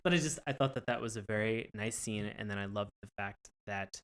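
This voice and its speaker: A man co-hosting a podcast who retells cartoon episodes in animated, casual storytelling and laughs often. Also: lowish voice, fairly quick. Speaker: podcast co-host. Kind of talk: casual review chat.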